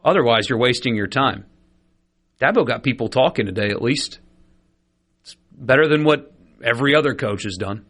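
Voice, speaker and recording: Opinionated sports radio host. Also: male voice, mid-range voice, expressive, moderate pace, pauses often, a bit bright. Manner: chatty and opinionated, with frequent "um" and "like". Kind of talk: casual sports talk radio. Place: radio studio.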